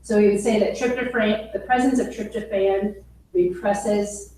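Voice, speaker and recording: A woman lectures a biology class at a slow, explaining pace, often pausing to check that her students are following. Her middle-pitched voice carries through an echoey classroom, with faint noise in the background. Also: fairly even intonation, mellow. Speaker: biology instructor.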